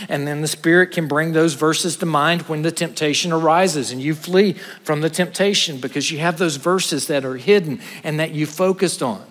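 A man, a pastor preaching an earnest sermon to his congregation, trading quick asides for slow, stressed points. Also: on the high side, a bit bright, long reverb tail. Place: church sanctuary.

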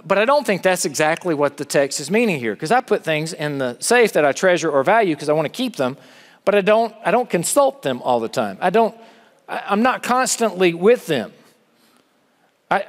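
Man preaching in a reverberant hall. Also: high voice. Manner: conversational, with rhetorical questions to the audience. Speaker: campus chapel speaker. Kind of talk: sermon. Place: large chapel hall. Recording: long reverb of a large hall.

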